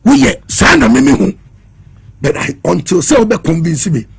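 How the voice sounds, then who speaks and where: A Ghanaian man with a high, very raspy and gravelly voice, making an impassioned, challenging point in heated political commentary. His pitch swings widely as he switches between Twi and English. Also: big pitch swings, moderate pace.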